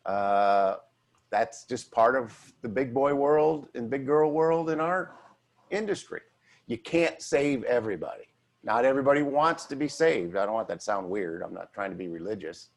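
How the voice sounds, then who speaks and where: A man's voice: mid-range voice, animated, moderate pace, creaky. A man who is a financial advisor, talking bluntly and emphatically in a casual chat with colleagues. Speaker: financial advisor, firm head. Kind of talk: casual office-hours chat.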